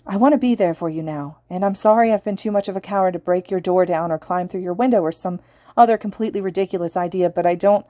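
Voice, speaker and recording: A woman voices a distraught teenage boy in a fan-read audiobook, pleading and choked. The voice sits lowish and dry, close to the mic. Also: quick pace, dark tone, dry recording, natural voice. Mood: tearful pleading. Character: teenage boy hero student, angry then heartbroken.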